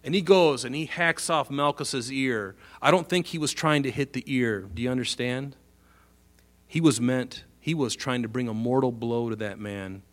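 A man preaching a sermon, animated, acting out the quoted voices with big swings from soft to loud. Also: medium pitch, normal speed. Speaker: pastor.

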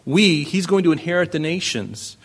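A man's voice: a little high, lively intonation, normal speed. A man preaching a sermon, reading scripture aloud and explaining it with rhetorical questions and emphatic declarations. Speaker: pastor.

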